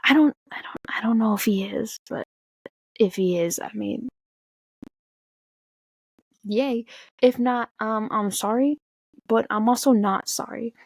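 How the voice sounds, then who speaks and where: A young woman from the Tacoma area telling an animated storytime, swearing and acting out quotes. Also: a little high, slow pace, creaky, pauses often, breathy edge, no echo. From Tacoma area, USA. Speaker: vlogger. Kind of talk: casual storytime.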